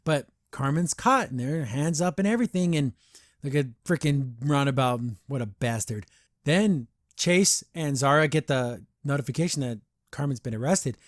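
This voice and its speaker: A man hosting a podcast, reviewing a cartoon episode in an animated, excitable way with many restarts. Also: medium pitch, normal speed, no room sound, studio quality. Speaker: podcast host. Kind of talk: casual episode review chat.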